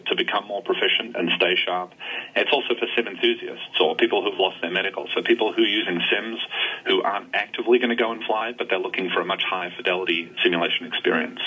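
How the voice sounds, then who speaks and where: A man who is a software engineer, calling in to a radio interview and explaining quickly with some restarts. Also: sits low, breathy edge. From Australia and England. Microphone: telephone. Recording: tinny phone line.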